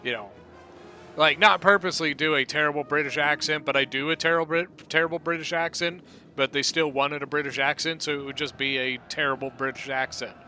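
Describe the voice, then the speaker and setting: A man giving relaxed, rambling play-by-play commentary on a strategy game battle, often correcting himself mid-sentence. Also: fairly high pitch, a little fast, faint music behind. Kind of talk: casual gameplay commentary.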